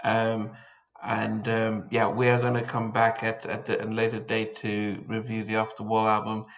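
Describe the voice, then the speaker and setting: A man co-hosting a casual podcast chat, halting and repeating words as he thinks aloud. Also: fairly low pitch, monotone, rough recording.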